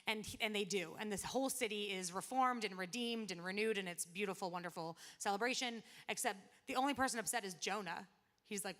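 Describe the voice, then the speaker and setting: Woman preacher, bright clear voice, super chatty sermon, talks like she's telling a story to friends. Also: mid-range voice, a little fast. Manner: chatty and conversational, retells scripture in everyday slang with quoted asides. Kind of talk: casual sermon.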